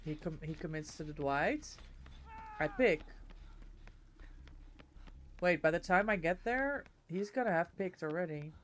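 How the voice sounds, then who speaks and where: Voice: mid-range voice, animated, a little slow, pauses often, a bit bright, slight background noise. A streamer with a Dutch accent, a native Dutch speaker, chatting casually with viewers between game moves. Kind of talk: casual live-stream chat while gaming.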